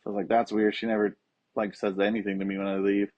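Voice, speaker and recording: A young man with a husky voice tells a personal story in loose, profane chat and slips into the voices of the people he quotes. The sound is dry and close, with a dull lo-fi tone. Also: fairly low pitch, completely flat delivery, quick pace, a little mellow, dry recording. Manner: swears freely, acts out quoted voices. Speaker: podcast guest, skateboarding coach. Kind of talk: casual storytelling.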